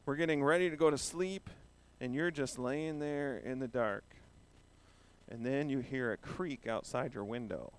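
A man speaks to a group of children in a playful, questioning way. He is giving a children's sermon at a middle pitch. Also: measured pace, clean tone. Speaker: pastor giving a children's message.

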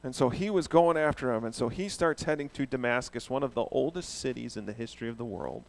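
A man preaching a sermon in an animated way, asking the congregation questions. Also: medium pitch, fast talker, vocal fry. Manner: animated, asks the audience questions. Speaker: pastor.

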